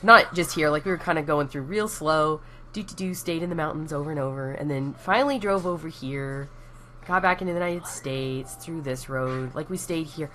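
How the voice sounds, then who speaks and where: A woman's voice: deep voice, normal speed, pushed and bright, slight background noise. A young Texan woman chatting casually and rambling on a live stream, laughing at herself as she goes. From Texas.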